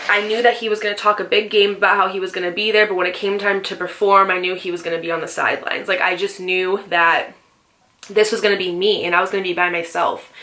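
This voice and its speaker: A young woman in her twenties tells her own story straight to the camera, candid and emotional, with plenty of "like" and "um". Her voice sits a little low but sounds bright and clear. It is an intimate, personal vlog storytime. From Northeastern US. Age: 20s. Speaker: vlogger.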